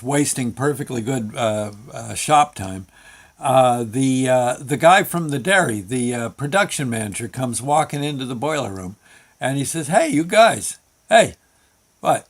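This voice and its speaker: A man hosting his own show, telling a long work story in a halting, folksy way with many fillers and restarts. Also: medium pitch, expressive. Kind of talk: rambling spoken storytelling.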